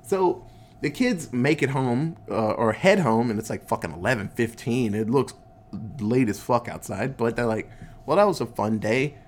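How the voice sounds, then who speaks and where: A man's voice: mid-range voice, animated, normal speed, darkish tone, slight background noise. A man casually recapping a movie, laid-back and swearing a lot, acting out the characters' lines in goofy voices. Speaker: podcast host recapping a movie.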